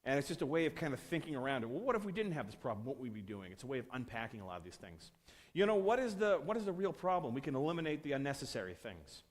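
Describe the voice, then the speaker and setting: A male conference speaker tells a workplace story to an audience. His pitch swings widely as he acts out the quoted lines. His speech is casual and loose, full of restarts and asides. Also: sing-song, very fast.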